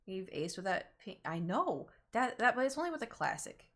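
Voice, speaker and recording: A woman's voice: medium pitch, very animated, moderate pace, a bit bright. Young woman streamer, faint Southern accent, casual and talkative. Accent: slight Southern American. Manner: chatty, self-conscious about her pronunciation. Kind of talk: casual gaming stream chat.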